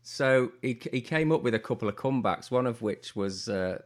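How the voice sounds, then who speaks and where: A man's voice: medium pitch, animated, normal speed. A man co-hosting a podcast, telling dry anecdotes in casual chat. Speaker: podcast co-host.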